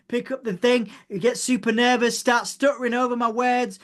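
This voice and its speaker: A man who works as a music journalist, a guest in a casual interview chat, talking in a rambling, meandering and excitable way. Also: very high-pitched, normal speed, hardly any pauses.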